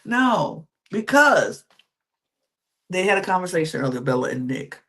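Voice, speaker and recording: A woman's voice: fairly low pitch, unhurried. A woman hosting a podcast, chatting through a reality-show recap in a casual, emphatic way and acting out what the contestants said. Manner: chatty, animated, acts out quotes in little voices; emphatic, repeats words for effect. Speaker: podcast host.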